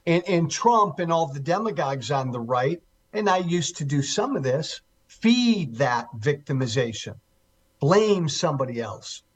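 A man's voice: a little high, lively intonation, unhurried, breathy edge. A man speaking as a guest on a talk radio interview, emphatic and repeating key words to drive his point home. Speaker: guest commentator.

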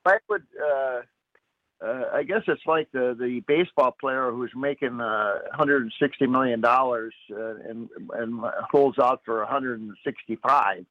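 An older man, a retired newspaper editor, talking as a radio guest, halting and full of fillers. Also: medium pitch, no echo. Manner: halting, many fillers and restarts. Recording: tinny phone line.

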